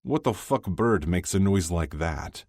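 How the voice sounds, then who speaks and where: A man's voice: low-pitched, animated, unhurried, darkish tone, no echo, pitched above the performer's own voice, exaggerated voice. A man voicing a young male Russian hockey player who answers in dry, sardonic retorts.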